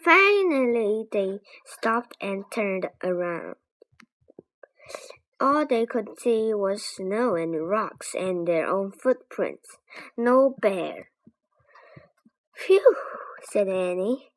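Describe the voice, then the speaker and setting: A woman reading a children's chapter book aloud as narrator, in slow, expressive storytelling. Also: mid-range voice, poor audio.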